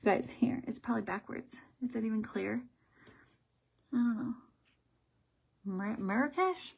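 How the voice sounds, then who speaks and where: A woman hosting a casual beauty vlog, chatting through makeup swatches as she thinks aloud. She sometimes drops to a soft whisper and stumbles over product names. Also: on the high side, a little slow, gravelly, pauses often, breathy edge. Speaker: beauty vlogger host.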